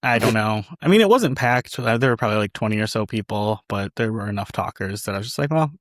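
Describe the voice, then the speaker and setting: A man's voice: on the low side, fast talker, no room sound. Dry-voiced man rambling in podcast chat. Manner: rambling, hedging, dry teasing. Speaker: podcast co-host. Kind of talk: casual chat.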